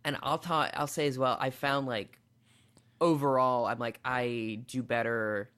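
A man appearing as a comedian guest on a podcast, talking fast and animatedly, jumping between tangents with lots of "like" and self-deprecating asides. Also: medium pitch, steady tone, a bit bright, smooth. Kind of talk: casual chat. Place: New York.

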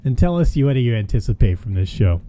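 A man with a mellow, warm tone hosts a loose comedy podcast among friends. He rambles through anecdotes, stumbles over fillers and keeps breaking into laughter. His pitch sits in an ordinary middle range. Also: sing-song, fast, slight background noise. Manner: rambling storyteller, laughs often, lots of fillers. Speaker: podcast host. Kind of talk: casual comedy podcast chat.

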